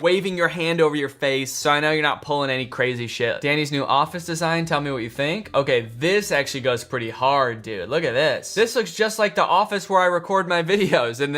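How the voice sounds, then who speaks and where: Comedy commentary host, young man, slightly high pitch, dry sarcasm that flips into loud excitement. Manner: sarcastic, deadpan asides with sudden excited outbursts. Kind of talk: comedic commentary reacting to fan posts.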